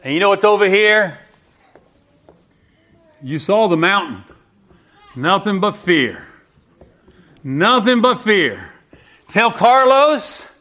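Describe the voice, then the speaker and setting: A man's voice: high-pitched, sharp tone. A man preaching a sermon as pastor, exuberant, with frequent hallelujahs and calls to the congregation.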